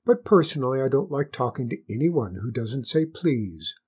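Gentle storybook hare, reasonable and unhurried, breathy, expressive pitch, as voiced by a narrator. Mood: calm. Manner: mild and reasonable. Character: calm, polite magic hare.

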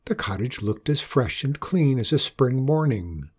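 A man narrating a folk tale in a slow, expressive read-aloud manner. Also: mid-range voice, breathy edge. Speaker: storyteller. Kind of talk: scripted storybook narration.

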